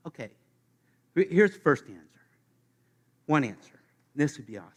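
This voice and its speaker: A man preaching a sermon to his congregation, playful and animated, speaking straight to the listeners. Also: on the high side, moderate pace, long pauses. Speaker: pastor. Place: church sanctuary.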